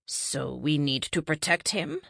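An ageless cosmic being, impatient and pressing, fires off urgent questions in a slow, lively voice, as a woman reads it out. The sound is close and dry. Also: deep voice, gravelly, no echo, full character voice. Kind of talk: audiobook character reading.

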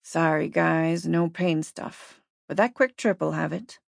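A woman's voice: sits low, slow pace, gravelly, dry recording, full character voice. A woman reading the part of a centuries-old male shape-shifter who talks in an easygoing, offhand way, in a dry close recording.

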